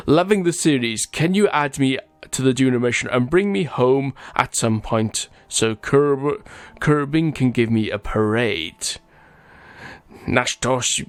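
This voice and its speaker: A man's voice: mid-range voice, lively intonation, slow, clean tone. A man hosting a gaming channel, chatting casually over gameplay as he reads out viewer comments, often stumbling over names and laughing.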